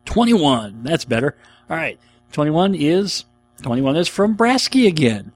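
A man's voice: on the high side, very animated, moderate pace, faint music behind. Enthusiastic man rambling on a podcast. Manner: enthusiastic, rambling, laughs often. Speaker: podcast host answering listener questions. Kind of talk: casual chat.

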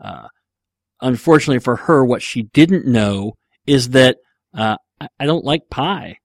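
A man's voice: medium pitch, lively intonation, measured pace, creaky, no room sound, studio quality. A man hosting a podcast, casually answering listener questions in a rambling, joking way with lots of fillers. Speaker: podcast host.

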